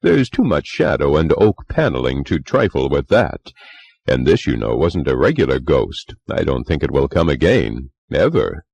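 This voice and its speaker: A man's voice: rumbling low, big pitch swings, normal speed, vocal fry, darkish tone, breathy edge, no echo, full character voice. A man reading a story voices a middle-aged clubman who earnestly and wryly tells of a ghost he met. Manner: musing, confiding, wry. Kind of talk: audiobook character reading.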